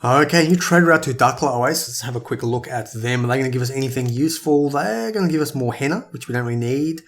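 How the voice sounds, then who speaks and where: A man's voice: mid-range voice, animated, fast talker. A man giving casual gameplay commentary, thinking aloud and sometimes tripping over his words. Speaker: let's play gamer.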